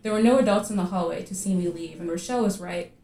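A woman reading her own fiction aloud at a live literary reading, measured and vivid in her storytelling. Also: lowish voice, warm tone, distant mic, slight background noise. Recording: echoey room at a live reading.

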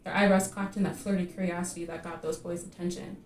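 A woman reading her own fiction aloud at a live literary reading, measured and vivid in her storytelling. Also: lowish voice, little pitch movement, far from the mic, a little hiss or hum. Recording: echoey room at a live reading.

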